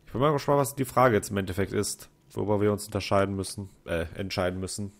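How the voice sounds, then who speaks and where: A man's voice: lowish voice, fairly even intonation, quick pace, gravelly. A man giving casual, mumbled commentary while playing a video game. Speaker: let's play commentator.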